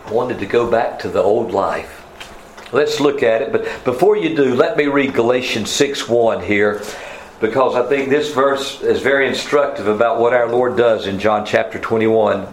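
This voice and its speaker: A man preaching a sermon, reading scripture aloud and lifting his voice for emphasis. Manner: rises in pitch for emphasis, quotes scripture in old wording. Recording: roomy echo, faint room noise.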